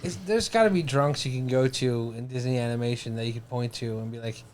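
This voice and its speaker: A man's voice: medium pitch, a little fast, darkish tone. A man co-hosting a comedy podcast, chatting and mocking himself. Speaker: podcast co-host. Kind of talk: casual comedic banter.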